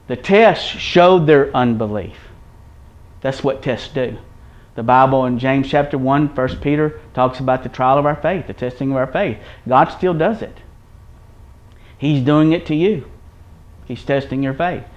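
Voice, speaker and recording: A man preaching an earnest Bible-teaching sermon, repeating his points and checking in with his listeners. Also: medium pitch. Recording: dull lo-fi recording.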